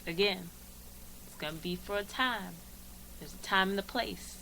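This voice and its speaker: A woman's voice: medium pitch, moderate pace, gravelly, sharp tone, slight background noise, rough recording. A woman guest on a casual podcast who speaks bluntly and laughs often.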